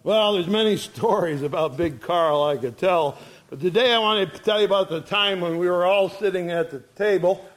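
A man preaching a sermon in a folksy storytelling way, chuckling as he goes. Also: a little high. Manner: folksy, chuckles through his stories.

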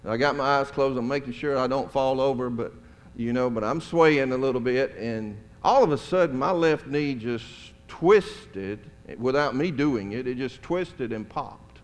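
Folksy pastor in a reverberant hall. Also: male voice, mid-range voice, a little slow. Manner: conversational, folksy, chuckling asides. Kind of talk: storytelling sermon. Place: church sanctuary. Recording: long church hall reverb.

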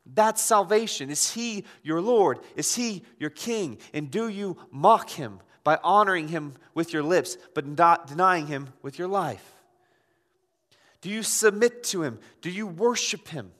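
A man's voice: high-pitched, animated, a little slow, fairly bright tone. A man pastor preaching an impassioned sermon, pressing his listeners with rhetorical questions. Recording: long hall reverb.

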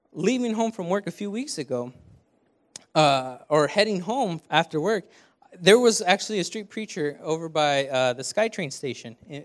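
A young man preaching a conversational sermon from a church stage, talking to the crowd with lots of rhetorical questions. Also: sits high. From Canada. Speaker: preaching student.

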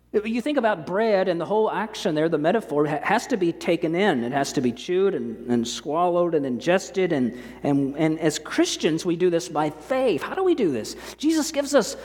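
A man preaching a sermon as pastor, slowing down to stress key words and often repeating words as he goes. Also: fairly high pitch, a little mellow. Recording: long hall reverb.

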